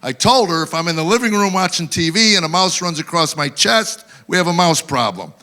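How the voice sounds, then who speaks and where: A man doing stand-up on an awards show stage, spinning wry stories about home life. His voice is bright and sits a little high. He slips in quick character voices for his punchlines. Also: lively intonation. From Tennessee, USA. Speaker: stand-up comedian. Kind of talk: live stand-up routine.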